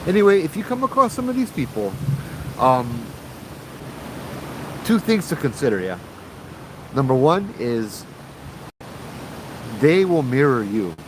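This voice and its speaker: Chatty host with a Hawaiian accent. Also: male voice, mid-range voice, big pitch swings, unhurried, long pauses, background noise. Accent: Hawaiian Pidgin. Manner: chatty, reads viewer comments aloud, frequent "right?". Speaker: paranormal show host. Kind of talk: casual livestream storytelling.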